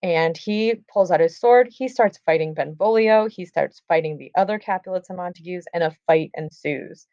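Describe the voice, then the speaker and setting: A woman's voice: lowish voice, normal speed, few pauses, mellow, no room sound. A woman teaching a class, reading lines from a play aloud and retelling them in casual, chatty terms. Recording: dull, dry lo-fi recording.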